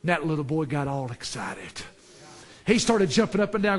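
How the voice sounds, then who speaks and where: A man preaching a sermon, building to fervent shouts and dropping back down low. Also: brisk. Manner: rises to fervent shouts, then drops low.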